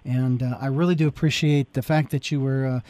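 A man in his forties hosting a radio interview show, relaxed and folksy with many uhs. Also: medium pitch, normal speed. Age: 40s.

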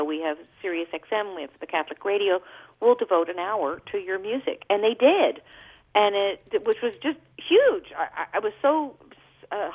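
A woman singer and guest, talking in a chatty storytelling way during a radio interview by phone. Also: medium pitch. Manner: chatty, warm storytelling with laughs. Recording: tinny phone line.

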